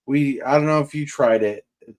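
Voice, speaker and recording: Male stream host, chatty and rambling, average pitch. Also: normal speed, a little mellow. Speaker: livestream host. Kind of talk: casual chat.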